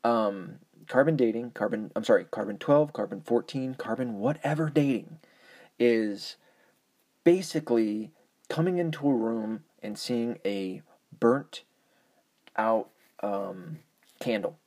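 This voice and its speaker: A man's voice: medium pitch, a little slow, a little mellow. A man ranting in a casual monologue, profane, rambling and argumentative, often correcting himself.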